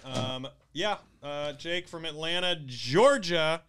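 Smooth-voiced man cracking jokes. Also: on the high side, animated, a bit bright. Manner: joking, quick banter. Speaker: podcast co-host. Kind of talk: casual chat.

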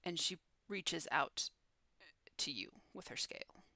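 A woman narrating a tabletop game as game master, with animated descriptive delivery over an online call. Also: deep voice, slow, dry recording.

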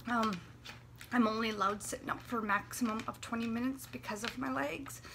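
A woman in her late twenties, talking in a personal vlog, anxious and near tears, with a dry throat, halting and often dropping to a whisper. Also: fairly high pitch, fairly even intonation, background noise. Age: 20s. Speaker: vlogger. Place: warm apartment room.

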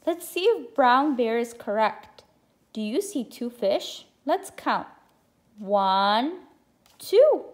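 A woman's voice: fairly high pitch, expressive, slow pace. A woman teacher reading a picture book aloud to children, encouraging them to count along with her. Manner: encouraging, addresses listeners as friends.

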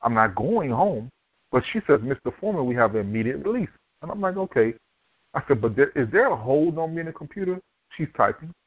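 Fast-talking man on a tinny line. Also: medium pitch, big pitch swings, dry recording. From Miami, Florida. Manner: vivid storyteller who acts out quoted dialogue. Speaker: podcast guest, author and speaker. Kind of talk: telling his life story in an interview. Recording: dry, tinny phone-like line.

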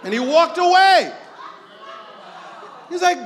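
A man preaches with a strikingly high voice, acting out little stories and shouting to drive his points home. He is recorded in a church sanctuary where the sound rings with a long, roomy reverb. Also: a little slow, pauses often, slight background noise. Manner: animated storytelling, mimics people, shouts for emphasis. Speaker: pastor. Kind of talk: sermon. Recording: echoey church hall.

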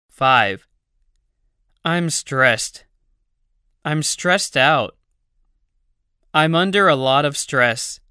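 Brief: language-course narrator, very slow, bright and crisp, dry studio sound, deliberate drill reading. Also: medium pitch, dry recording. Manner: deliberate, evenly paced reading of numbered phrases. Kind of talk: slow scripted phrase drill.

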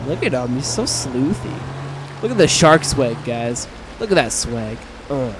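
A young man hosting a let's-play video, joking with viewers in bro slang and yelping loudly at every scare. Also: medium pitch, unhurried, noisy background. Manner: excitable, yelps and shrieks at scares. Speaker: gaming video host.

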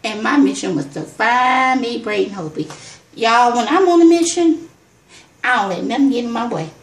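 A woman vlogger telling an excited personal story, exclaiming, repeating herself and calling her viewers y'all. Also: on the high side, moderate pace, reverberant.

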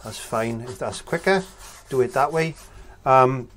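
Unhurried and a bit bright, this medium-pitched male instructor talks his way through a painting lesson. He keeps things chatty, musing aloud with fillers while he paints.

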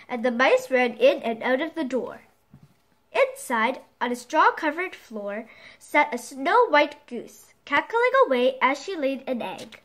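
A woman reading a children's bedtime story aloud with expressive delivery. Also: sits high.

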